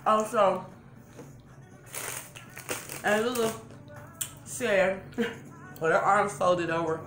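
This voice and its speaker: Speaking extremely slowly in a medium, slightly bright voice, a woman in her forties from Los Angeles eats on camera while rambling through a long, chatty story and correcting herself. She's an eating-show vlogger seated in a chair in a roomy room at home, with faint music behind her.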